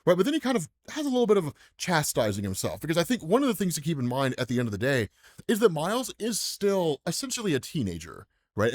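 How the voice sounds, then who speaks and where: An American man hosting a comics commentary channel, chatting casually and tacking "right?" onto his sentences. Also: fairly high pitch. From United States. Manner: chatty, says "right?" constantly, laughs often. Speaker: comics explainer channel host.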